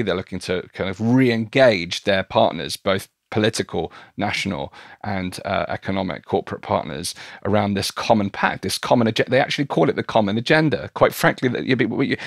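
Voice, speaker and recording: A man's voice: on the low side, gravelly, no room sound, studio quality. A man, a podcast guest, talking earnestly in casual conversation and often restarting his phrases.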